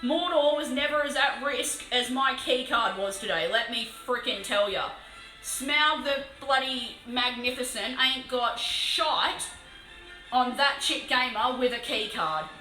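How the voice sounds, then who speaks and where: An Australian woman chatting casually on a live stream while painting a model, excitable and swearing freely. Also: fairly high pitch, unhurried, roomy sound, soft background music, low-quality recording.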